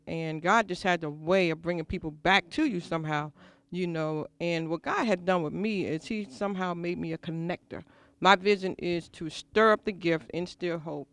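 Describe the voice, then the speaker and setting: A woman's voice: deep voice, smooth, no room sound. A woman on a talk show panel giving an earnest, faith-filled testimony with emphatic phrasing. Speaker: panel guest. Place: school venue.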